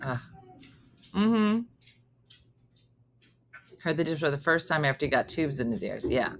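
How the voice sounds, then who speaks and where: With a low-pitched, slightly slow voice and a bit of hiss or hum on the recording, a middle-aged woman reads viewer comments on her morning chat show. She's lively in relating family stories, imitating the voices of those in them.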